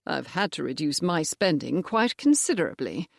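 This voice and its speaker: A narrator voicing a genial older male village rector who speaks gently in an audiobook. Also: a little high, big pitch swings, moderate pace, creaky, dry recording, clean studio sound. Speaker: character in an audiobook. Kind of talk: audiobook character voice.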